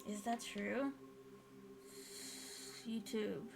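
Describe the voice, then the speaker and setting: A young woman streamer chatting casually with her viewers while drawing, excitable and chatty, swearing freely. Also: mid-range voice, drawn-out words, gravelly, background noise.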